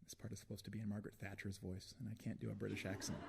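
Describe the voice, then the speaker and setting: A man giving a live poetry reading in a concert hall, slow and deliberate with dramatic pauses, into a stage microphone. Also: fairly low pitch, vocal fry, breathy edge. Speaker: poet.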